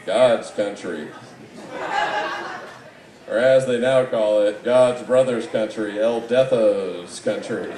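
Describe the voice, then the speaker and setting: A man delivering a live comedy roast set in a mocking, rambling way, with sudden loud outbursts. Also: lowish voice, takes it slowly, pauses often, background noise. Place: live event room. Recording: echoey room, distant mic, audible background.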